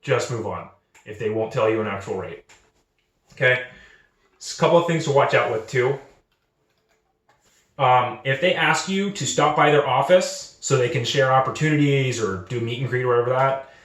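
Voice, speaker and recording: A man's voice: medium pitch, normal speed, pauses often. Earnest young man in an echoey room. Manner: earnest, repeats himself, restarts often; acts out quoted recruiters in lively voices. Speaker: channel host. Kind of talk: casual advice monologue.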